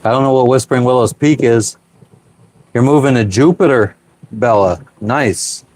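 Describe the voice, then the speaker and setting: A man's voice: mid-range voice, normal speed, darkish tone. Casual, profane man chatting on a boat. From Pennsylvania, US. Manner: loose and profane, answering viewers. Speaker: sailing vlogger reading live chat. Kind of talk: casual live-stream chat. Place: small boat cabin while cooking.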